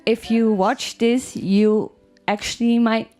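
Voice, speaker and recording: A woman with a fairly high voice presents her startup at a live pitch. She speaks slowly and earnestly, with faint music underneath. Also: fairly even intonation, darkish tone.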